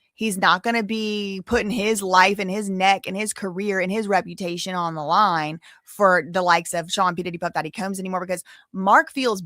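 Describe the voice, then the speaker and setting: A woman's voice: medium pitch, a bit bright, dry recording, clean studio sound. A woman hosting a casual commentary on legal news, chatty and playful, with lots of asides and trailing restarts. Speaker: commentary channel host.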